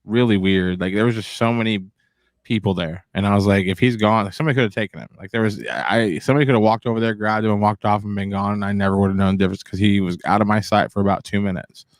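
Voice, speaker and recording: A man co-hosting a live talk show, a father who tells stories in a lively, slangy way. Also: on the low side, fast talker, dry recording, clean studio sound. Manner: animated storyteller, casual slang. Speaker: co-host of a missing persons show. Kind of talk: casual live-stream talk.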